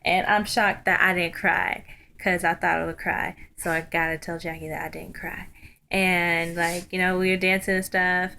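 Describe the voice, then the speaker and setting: A young woman tells a story to a webcam in a chatty, excited way, full of ums and likes. Her voice is bright and forward. A faint hiss sits under the recording. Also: fairly low pitch, normal speed, vocal fry. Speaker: vlogger. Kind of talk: casual storytelling vlog.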